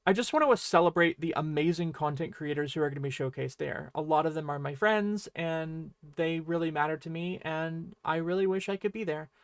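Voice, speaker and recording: A man's voice: a little high, brisk, few pauses, clean tone, dry recording, studio quality. A man teaching an online Japanese lesson in a friendly explaining way, often checking in with his students.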